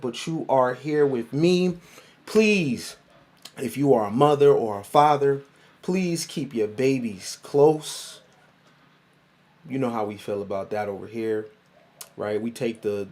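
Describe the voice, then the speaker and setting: Slangy man hosting a livestream. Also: mid-range voice. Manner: loose, playful, shouting out viewers by city; slangy, repeats words for emphasis. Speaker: livestream host and life coach. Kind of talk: casual livestream talk.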